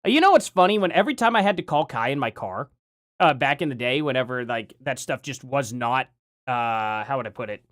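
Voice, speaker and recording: During a casual live stream, a man with a medium-pitched, fairly bright voice talks fairly quickly, his lively intonation swinging freely up and down. He rambles from thought to thought, reads chat aloud and laughs often. The dry, close recording has no room sound around it.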